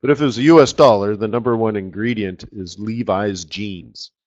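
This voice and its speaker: A man from Canada, a forex market strategist, leads a live trading webinar in a lowish, slightly mellow voice at normal speed. The tone is casual, rambling, and jokey, with frequent "right?" check-ins. The recording is slightly muffled webinar audio.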